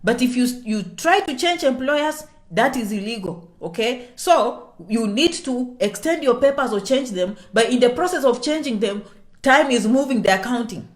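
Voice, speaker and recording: Woman, slightly high voice, chatty explainer who drops to a whisper on sensitive points. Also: moderate pace. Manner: checks in with "okay?" constantly; animated, swings between loud and soft. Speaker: immigration vlogger. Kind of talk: casual explainer to viewers.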